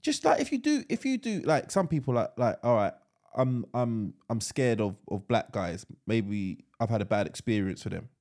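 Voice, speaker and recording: A man's voice: mid-range voice, sing-song, normal speed, darkish tone. A man co-hosting a podcast in casual chat, rambling and restarting his sentences, with a lot of slang. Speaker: podcast co-host.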